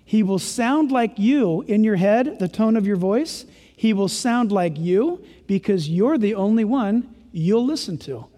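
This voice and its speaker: Male preacher, high voice, emphatic sermon, long hall reverb. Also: expressive, unhurried, few pauses. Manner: emphatic, exclamatory, swings from loud to hushed.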